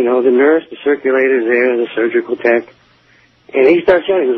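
A man's voice: mid-range voice, quick pace, husky. A man calling in to a radio show, telling a story in a rambling way with many asides. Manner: rambling, lots of "you know" asides. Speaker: caller. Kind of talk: casual storytelling on a call-in show. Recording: tinny phone line.

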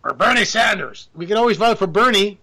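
A man giving a casual political monologue, animated and sarcastic, with joking asides. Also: high-pitched, brisk. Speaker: political commentator.

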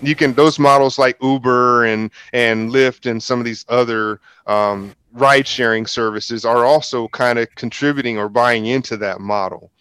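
A man's voice: mid-range voice, fairly even intonation, normal speed, hardly any pauses, fairly bright tone, clear, resonant tone, no room sound. A man hosting a group discussion, explaining points at length and affirming others. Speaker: host.

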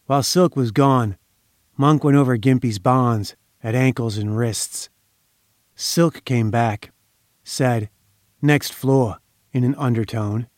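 A man reading a crime story aloud in measured, dramatic audiobook narration. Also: medium pitch, no echo, studio quality.

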